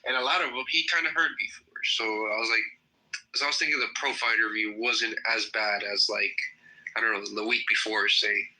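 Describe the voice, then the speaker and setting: Rambling man with a bright voice. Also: on the low side, steady tone, low-quality recording. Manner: rambling, halting with many fillers. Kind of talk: casual live-stream chat.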